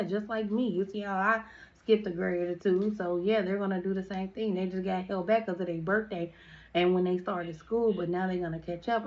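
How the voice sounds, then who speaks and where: A woman's voice: fairly low pitch, lo-fi sound. Slangy young woman telling a storytime. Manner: chatty, slangy, frequent "like" fillers. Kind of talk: casual storytime vlog.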